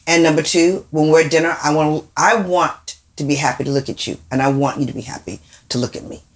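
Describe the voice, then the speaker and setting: A woman's voice: low voice, fairly quick. A woman co-hosting a podcast in casual conversation, emphatic, asking pointed questions. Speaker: podcast co-host.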